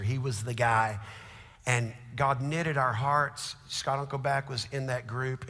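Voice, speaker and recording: Middle-aged man, pastor, sermon storyteller, forceful and gravelly, big reverberant church. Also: medium pitch. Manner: storytelling, swings from hushed to shouting. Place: large church auditorium. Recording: long hall reverb.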